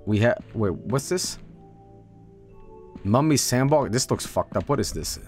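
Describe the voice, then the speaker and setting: A man streaming a game casually, rattling off game blurbs quickly and breaking into goofy high squeals. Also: expressive, darkish tone, faint music behind. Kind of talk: casual live-stream commentary.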